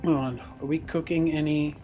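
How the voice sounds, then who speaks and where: A man's voice: on the high side, steady tone, normal speed. A man streaming a game, chatting casually, laughing often and swearing offhandedly. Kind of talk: casual chat while gaming.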